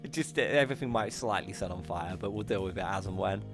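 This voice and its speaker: A man's voice: sits low, quick pace, music in the background. A British man hosting a VR talk show livestream, greeting his chat affectionately, giggling often and poking fun at himself. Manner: bubbly and affectionate, giggly, self-mocking.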